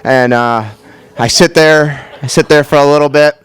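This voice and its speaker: A comedian telling a casual first-person story on stage, talking quickly and leaning on "like". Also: male voice, a little high, fairly even intonation, smooth. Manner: casual, quick and chatty, leans on "like". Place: storytelling event stage before a crowd.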